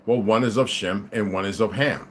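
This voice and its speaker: A man hosting a casual livestream, reading aloud and commenting in a rambling way, dropping to mutters and rising to loud outbursts. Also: lowish voice, moderate pace, slight background noise.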